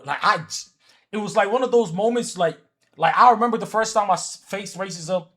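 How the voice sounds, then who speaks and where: A fairly high-pitched man with a husky edge to his voice, chatting loosely on a livestream. He is from Africa and keeps teasing and repeating lines as he answers his chat. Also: lively intonation, fairly quick, a bit bright. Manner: repetitive, teasing, talks back to chat. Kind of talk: casual stream chat.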